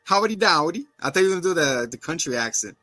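A man's voice: mid-range voice, expressive, rapid-fire, fairly bright tone, no room sound. A man co-hosting a podcast, animatedly recapping an episode and acting out the characters' lines. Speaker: podcast co-host. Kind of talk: casual recap chat.

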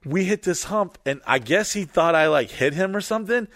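A man spins a rambling, swear-filled story in casual chat. He gets loud and lively at the big moments. The sound is dry and close. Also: high voice, moderate pace, no echo. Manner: animated, profane, rambling storytelling.

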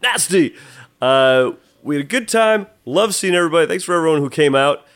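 A man co-hosting a comedy podcast, a bit hoarse, goofy and giggly, rambling as he talks. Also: on the high side, expressive, brisk, a bit bright. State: slightly hoarse voice. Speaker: podcast co-host. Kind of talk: casual comedic banter.

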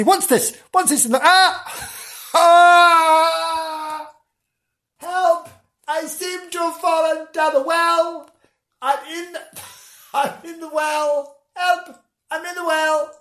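A very high, squealing voice of a flustered middle-aged lady reporter, as a performer puts her on. She is breathless and giggly and tips into shrieks, and her voice leaps wildly up and down in a comic spoof report. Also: fairly bright tone, full character voice. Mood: panicked.

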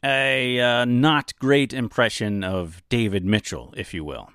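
A man's voice: mid-range voice, measured pace, fairly bright tone, clear, resonant tone, dry recording, clean studio sound. A man hosting an audiobook podcast, giving wry, self-deprecating commentary.

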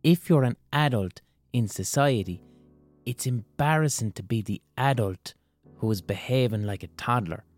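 A young man talks through his podcast in a blunt, loose, conversational way, with plenty of swearing. His pitch sits right in the middle for a man. Soft music plays faintly behind him. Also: normal speed. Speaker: podcast host. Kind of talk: casual solo podcast monologue.

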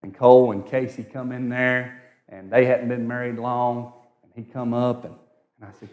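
A man preaching a sermon, telling a personal story and swinging from hushed, intimate tones to loud, excited cries. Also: mid-range voice, a little fast.

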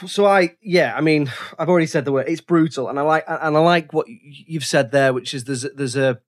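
A man's voice: on the high side, fairly quick. A man co-hosting a casual film podcast, thinking aloud with frequent restarts and fillers. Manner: thoughtful, many restarts and fillers.

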